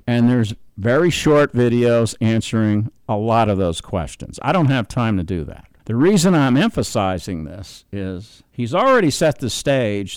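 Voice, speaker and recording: An older American man with a medium-pitched, darkish, clean voice, recorded with no room sound, delivers an unscripted political monologue. He explains his points emphatically, repeating words for stress.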